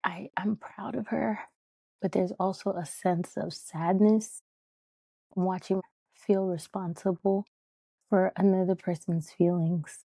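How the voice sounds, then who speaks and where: Woman, podcast host, casual monologue, low gravelly voice, husky and mellow, dry close sound. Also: steady tone, slow pace, no echo. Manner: candid, heartfelt, rambling with many fillers.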